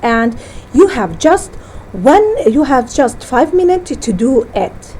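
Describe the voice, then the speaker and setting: In poor audio with a faint background hiss, a woman English teacher slowly takes her class through syllables, deliberately repeating each word and halting as she self-corrects. Her tone is mellow, and her pitch rises and falls in a lively way.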